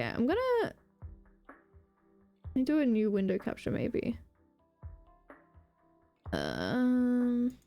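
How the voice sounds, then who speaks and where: A woman's voice: fairly high pitch, gravelly. A woman live streamer in casual, rambling chatter, swearing and mocking herself as she goes.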